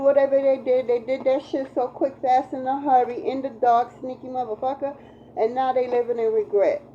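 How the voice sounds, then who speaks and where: A woman's voice: high voice, mellow, muffled recording, slight background noise. Profane, emphatic woman tarot reader. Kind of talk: casual spiritual reading monologue.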